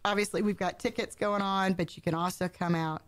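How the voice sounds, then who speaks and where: Woman, radio guest host, chatty, bubbly, quick to laugh. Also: medium pitch, steady tone. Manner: chatty, bubbly, self-deprecating, laughs often. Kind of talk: casual radio chat.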